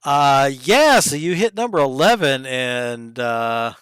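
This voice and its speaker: A man running a tabletop game as game master, narrating combat in lively detail with the odd hushed aside. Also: mid-range voice, slow, clean tone, no room sound, low-quality recording.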